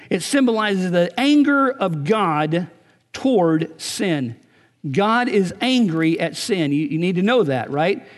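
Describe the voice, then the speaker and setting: A male pastor preaching a sermon earnestly, often checking in with his listeners by asking "right?". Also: high voice. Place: church sanctuary. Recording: long church reverb.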